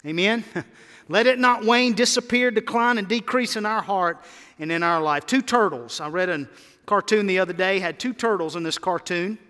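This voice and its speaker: High, bright-voiced preaching man. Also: normal speed. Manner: emphatic, calls for congregation responses. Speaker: pastor. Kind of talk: sermon. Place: church sanctuary. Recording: long hall reverb.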